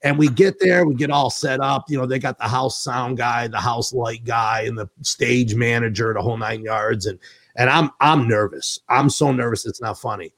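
A middle-aged man hosts a relaxed conversation, recounting stories with animation and laughing a lot. He has a mid-range voice and speaks at a moderate pace.

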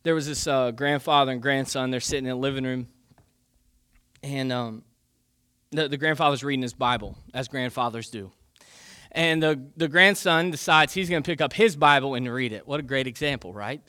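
Bright-voiced casual male preacher. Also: mid-range voice, normal speed, clean tone, no echo, studio quality. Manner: casual and chatty, with fillers like "man" and "like". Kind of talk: conversational sermon.

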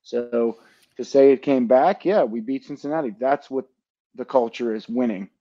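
A man's voice: medium pitch, normal speed, dull audio. A man co-hosting a casual podcast chat, teasing his teammates. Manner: joking, teasing banter. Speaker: podcast co-host, football player.

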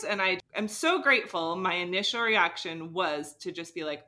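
Young woman, podcast co-host. Bright, sharp tone; animated, acts out dialogue. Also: on the low side, moderate pace, hardly any pauses. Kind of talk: casual storytelling.

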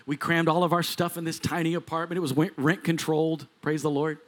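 A man in his forties preaches from the pulpit with a fairly high voice. He tells stories in an animated way, acting out the people he quotes and laughing as he goes. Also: fairly quick. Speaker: pastor. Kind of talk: sermon storytelling.

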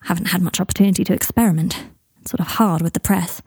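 A woman voicing an awkward, earnest young man who talks in a hesitant, hushed way in a storybook reading. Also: on the low side, fast, slightly rough, no room sound, studio quality.

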